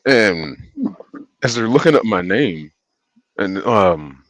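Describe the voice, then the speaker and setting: Deep-voiced man telling a rambling story. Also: lively intonation, slow, no echo, rough recording. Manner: profane, rambling, laughs often. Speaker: livestream host. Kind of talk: casual storytelling on a livestream.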